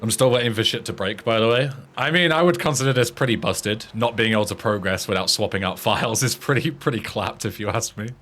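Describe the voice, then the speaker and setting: A man's voice: fairly low pitch, fast talker, hardly any pauses, a bit bright, a little hiss or hum. A young English man streaming a game, chatting casually, joking and swearing. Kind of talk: casual gameplay commentary.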